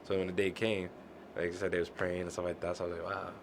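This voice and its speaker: Fast-talking young man telling a story. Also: low-pitched, noisy background. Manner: animated retelling, quoting others' words. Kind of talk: casual storytelling chat.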